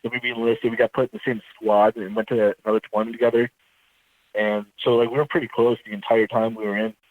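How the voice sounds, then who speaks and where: Man, veteran guest, halting rambling telling, thin phone-line sound, dry. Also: on the low side, level tone, dry recording. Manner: rambling, halting, self-correcting. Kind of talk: casual storytelling interview.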